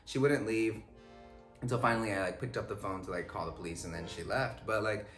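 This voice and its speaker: A young man, a guest, telling a story in casual chat, animated and expressive with lots of fillers. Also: fairly low pitch, fairly quick, faint music behind. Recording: echoey room.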